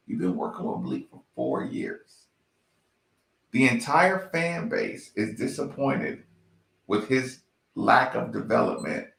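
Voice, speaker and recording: Animated ranting man in an echoey room. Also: medium pitch, creaky. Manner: animated, blunt, profane ranting with slang. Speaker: sports fan commentator. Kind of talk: ranting fan commentary.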